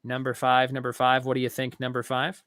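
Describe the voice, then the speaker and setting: A man hosting a live trivia show, reading each question slowly and repeating it, with joking asides between. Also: medium pitch, monotone, fairly bright tone, dry recording, studio quality. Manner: reads each question slowly twice, jokes and rambles between. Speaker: trivia host.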